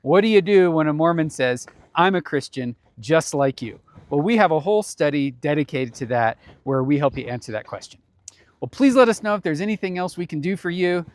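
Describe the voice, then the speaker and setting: A man presenting for a ministry foundation gives a casual explanatory talk outdoors on a mountain trail. His voice sits on the high side and is animated and fairly quick, and he stays conversational with frequent small chuckles.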